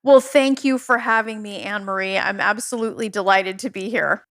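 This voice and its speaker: A woman guest on a podcast who speaks confidently and clearly, with a mid-pitched voice. Her voice is recorded close and dry, with no room sound. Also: a little fast, a bit bright, no echo. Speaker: podcast guest, fertility coach.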